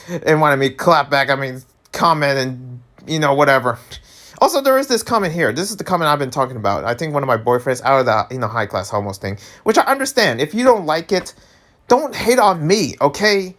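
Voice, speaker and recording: Animated ranting man vlogging. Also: brisk. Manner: animated, exasperated, pitch jumps high when worked up; laughs often, trips over words. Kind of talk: casual rant to camera.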